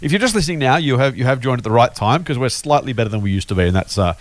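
Australian man, podcast host, quick talker, lively voice, dry close sound. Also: mid-range voice, no room sound. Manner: jokey, teasing, laughs often. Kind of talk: casual finance podcast chat.

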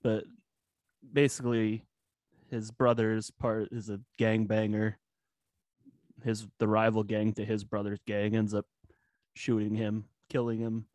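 A man speaking as a guest on a casual podcast, relaxed and hesitant, with frequent fillers and swearing. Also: lowish voice, measured pace, long pauses, dry recording, studio quality.

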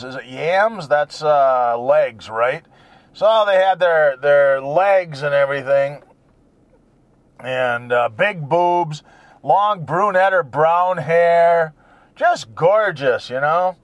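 A man's voice: fairly high pitch, dry recording. A man delivering a rambling, crude, joking monologue with frequent chuckles and wandering asides.

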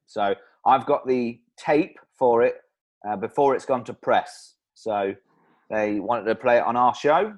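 A man co-hosting a comedy podcast, chatting casually and rambling, quick to laugh at his own jokes. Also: mid-range voice. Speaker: podcast co-host.

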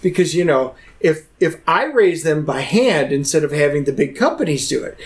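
A man's voice: fairly high pitch, normal speed. A man co-hosting a podcast, casually retelling a documentary and acting out the people in it with lots of restarts. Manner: animated storyteller, quotes people in voices, many restarts. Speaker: podcast co-host. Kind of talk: casual chat, retelling a film.

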